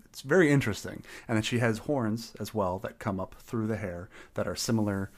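A man's voice: on the low side, fairly even intonation, normal speed. A man playing a tabletop game, describing his character in a rambling, hesitant way. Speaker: player.

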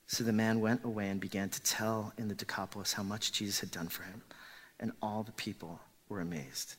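A man's voice: lowish voice, fairly even intonation, fairly quick, husky. A man preaching a sermon with dramatic emphasis, dropping to pleading whispers when he voices a character. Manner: rises to loud emphatic peaks.

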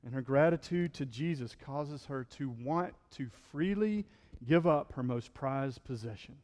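A male pastor preaching a sermon in a relaxed, conversational way, often checking in with the congregation and acting out the quotes he reads. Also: medium pitch, unhurried, in a large hall, lo-fi sound. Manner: conversational preaching, frequent "right?", acts out quotes.

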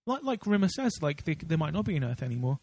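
Man, podcast co-host, casual rambling chat, fairly high voice, dry sound. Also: sing-song, fast talker, a little mellow, slightly rough, no echo. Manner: rambling, many fillers and restarts.

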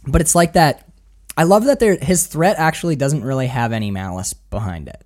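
Animated man retelling film scenes. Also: mid-range voice, brisk. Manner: animated storyteller, acts out quotes, swears freely. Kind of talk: casual film discussion.

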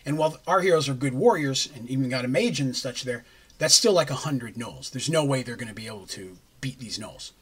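A man's voice: mid-range voice, animated, a little fast, husky. A man recapping a tabletop campaign in a casual, rambling way, with jokey asides. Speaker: game master recapping a campaign.

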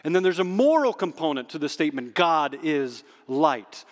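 Male pastor, emphatic sermon delivery, slightly higher voice, long hall echo. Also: very animated. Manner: emphatic, slows down on key phrases. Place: church sanctuary under stage spotlights.

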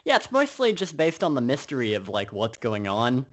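Male co-host, animated intonation, hesitant and halting delivery. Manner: hesitant, many restarts and fillers, lively pitch. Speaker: podcast co-host. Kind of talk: casual film review chat.

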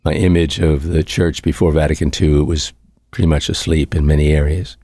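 A man with a very low, deep voice delivers a relaxed, conversational homily as a priest. He sounds reflective, circles back to repeat key phrases, and lets out an occasional soft chuckle. The sound is close and dry, with no room echo. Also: fairly quick.

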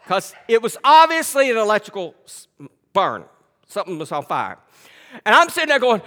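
A male pastor preaching a sermon. He swings between loud, emphatic scripture reading and quiet, conversational storytelling. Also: sits high, huge pitch swings, normal speed, big-room sound. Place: church sanctuary.

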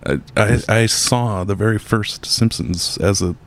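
A man hosting a comedic podcast, talking with a deadpan delivery and reading mock ads. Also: on the low side, unhurried. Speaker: podcast host. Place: podcast studio.

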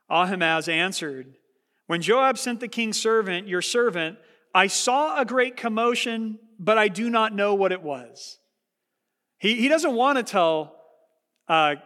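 Male Bible teacher, high-pitched, earnest conversational explaining, long reverb on the voice. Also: fairly bright tone. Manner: earnest, reads scripture aloud then explains it conversationally.

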